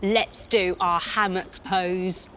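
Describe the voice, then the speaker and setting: A woman's voice: lowish voice, fairly even intonation, slow, sharp tone, slight background noise. A woman in her thirties leading a children's yoga story, playful and sing-song, with gasps and sound effects. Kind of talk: storytelling yoga lesson for kids.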